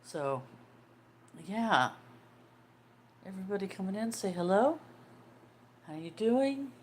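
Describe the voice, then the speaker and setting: A woman's voice: medium pitch, big pitch swings, slow pace, slight background noise. A woman in her sixties hosting a casual livestream, chatting and greeting viewers' comments as they come in. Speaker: livestream host.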